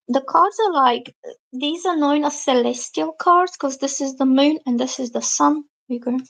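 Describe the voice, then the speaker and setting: A woman's voice: high voice, gravelly. A woman reading tarot cards on a live stream. She chats with her viewers, reads their comments out, and explains each card. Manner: lively, acts out quoted reactions. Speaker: tarot reader.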